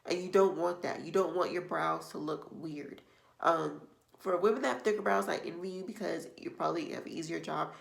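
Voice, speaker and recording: A woman's voice: fairly low pitch, vocal fry. A woman beauty vlogger giving casual makeup tips to the camera, chatty and meandering, often circling back with "like I said". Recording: echoey room.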